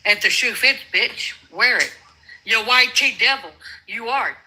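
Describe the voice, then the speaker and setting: A woman's voice: a little high, measured pace, bright, forceful tone, a little hiss or hum, rough recording. An older woman arguing as a guest in a heated livestream debate, blunt, confrontational and full of profanity.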